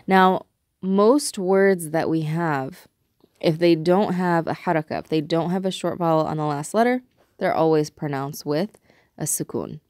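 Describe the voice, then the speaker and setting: Patient woman teacher, low and dry. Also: a little mellow, no echo. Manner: patient, explains step by step, repeats example words slowly. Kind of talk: recorded language lesson.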